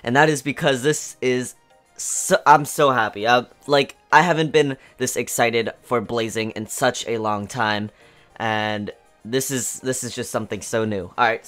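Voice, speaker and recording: A mid-pitched man with a smooth, clean voice hosts a gaming channel, buzzing with excitement as he rambles through news. He fills gaps with lots of ums and uhs while faint music plays behind him. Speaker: gaming YouTuber. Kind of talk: excited game news commentary. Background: faint background music.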